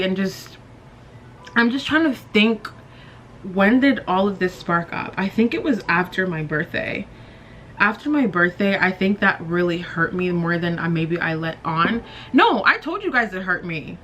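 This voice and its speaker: A woman's voice: medium pitch, a bit bright, a little hiss or hum. A woman in her twenties chatting candidly in her bedroom while doing her makeup, rambling with lots of fillers. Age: 20s. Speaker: beauty vlogger.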